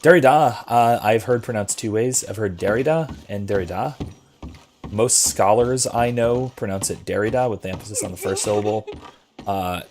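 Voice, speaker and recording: Low-voiced male professor, thoughtful and hesitant, casual stream talk. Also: normal speed, darkish tone, a little hiss or hum. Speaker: philosophy professor streaming a game. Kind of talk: casual chat while gaming.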